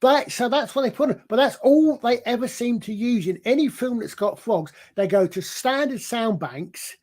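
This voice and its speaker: A man's voice: very high voice, expressive, moderate pace, a little mellow. A man in a casual panel chat, explaining things at length in a rambling, digressive way with many restarts. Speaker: panel guest.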